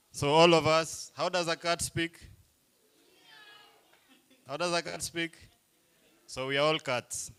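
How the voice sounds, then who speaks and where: A man's voice: fairly high pitch, fairly bright tone, clean tone. A man, playfully coaxing a crowd as he leads a group icebreaker game at a live event. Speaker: workshop facilitator.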